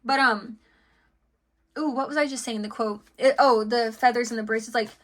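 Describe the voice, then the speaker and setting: A woman's voice: on the high side, fairly even intonation, normal speed. A woman giving a casual tarot reading, rambling and chatty with lots of fillers and restarts, laughing between thoughts. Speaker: tarot reader.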